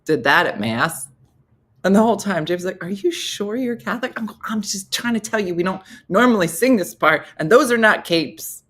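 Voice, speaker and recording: A woman's voice: medium pitch, lively intonation, normal speed, a bit bright. A middle-aged woman hosting a casual comedy morning show, telling stories and acting out quotes in a sing-song voice. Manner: chatty storyteller who acts out quotes in sing-song voices.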